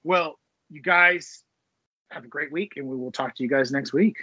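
A man's voice: a little high, moderate pace, bright, forceful tone, dry recording. A man in his forties, a podcast co-host, chatting casually, sentimental and swearing now and then. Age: 40s. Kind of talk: casual chat. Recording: dull, lo-fi dry sound.

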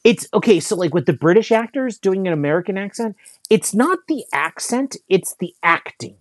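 A man's voice: sits high, animated, normal speed, dry recording. Man, casual chat, rambling, lots of "like" and "um", dry close sound. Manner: rambling, lots of fillers and restarts.

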